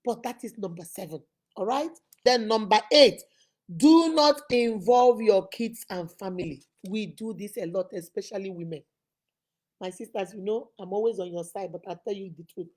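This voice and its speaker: A woman's voice: mid-range voice, normal speed, darkish tone. A woman with a Nigerian accent giving emphatic relationship advice to camera, acting out quoted people as she goes. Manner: emphatic, preachy, mimics people with voices.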